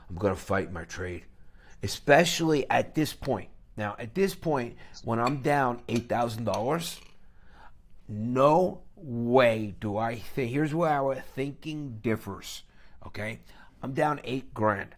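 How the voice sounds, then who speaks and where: A man hosting a live trading stream, lecturing bluntly and emphatically and tagging his points with a questioning "okay?". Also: mid-range voice. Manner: blunt and scornful.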